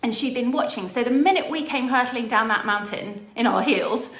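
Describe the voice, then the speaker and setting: A middle-aged woman business coach giving an enthusiastic motivational talk, telling stories with excited quoted voices. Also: on the high side, brisk, hardly any pauses, echoey room. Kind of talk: motivational monologue.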